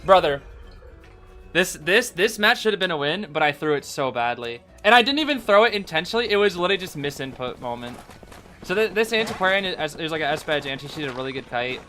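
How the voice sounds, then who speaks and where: An excitable man recaps his gameplay for a live chat, stumbling over repeated words and tossing in "bro" constantly. His voice sits a little high and sounds bright and forceful. Faint music plays quietly behind him. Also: fast talker. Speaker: game streamer.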